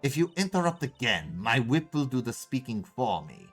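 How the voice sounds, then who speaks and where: A man's voice: mid-range voice, very animated, measured pace, a bit bright, husky, soft background music, full character voice. A man voicing a haughty young female prosecutor in a game playthrough, with a put-on German accent that comes and goes. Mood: haughty menacing. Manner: cold, threatening. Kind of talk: game voice-over let's play.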